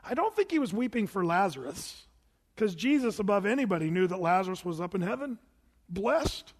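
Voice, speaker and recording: A man's voice: high voice, big pitch swings, brisk. A man preaching a sermon in a conversational way, asking the congregation questions and adding wry asides. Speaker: pastor. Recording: long hall reverb.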